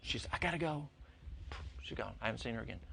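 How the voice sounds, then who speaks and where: An older man telling folksy stories to a church congregation, his voice jumping high when excited. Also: fast talker, gravelly, a little hiss or hum. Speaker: lay speaker at church. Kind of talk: storytelling talk to a congregation.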